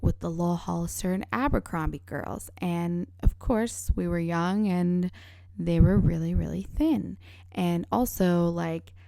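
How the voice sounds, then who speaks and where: A woman's voice: lowish voice, smooth, dry recording, clean studio sound. A young woman hosting a solo podcast, talking candidly in a Valley Girl manner with lots of "like", keeping her voice down late at night at home. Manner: Valley Girl speech, many "like" fillers, candid and blunt; kept hushed late at night so her family can sleep. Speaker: podcast host. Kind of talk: casual solo podcast chat.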